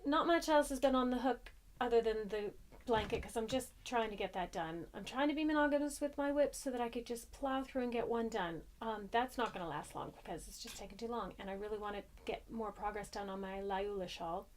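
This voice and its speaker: A woman's voice: on the high side, brisk, slight background noise. An American woman, a young adult, chatting casually and rambling a bit as a crochet podcaster, cheerfully self-deprecating. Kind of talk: casual chat.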